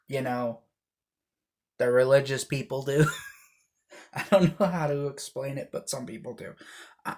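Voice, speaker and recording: A man's voice: medium pitch, a little mellow. A man chatting casually as he reacts to a video, rambling with many fillers. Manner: rambling, laughing, filler-heavy.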